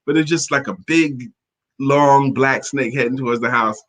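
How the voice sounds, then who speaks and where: A man's voice: medium pitch, moderate pace, fairly bright tone. A man co-hosting a talk show in casual chat, playful and teasing, laughing often. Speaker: co-host.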